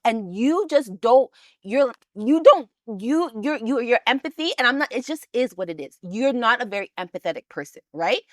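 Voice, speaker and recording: Insistent high-voiced woman co-host. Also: expressive, moderate pace, no room sound, studio quality. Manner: insistent, explains with many restarts. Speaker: podcast co-host. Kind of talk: casual couples chat.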